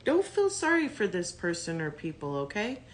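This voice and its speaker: A woman's voice: lowish voice, wildly swooping pitch, moderate pace. A woman doing a casual tarot reading to camera, blunt and profane, thinking aloud as she talks. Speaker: tarot reader.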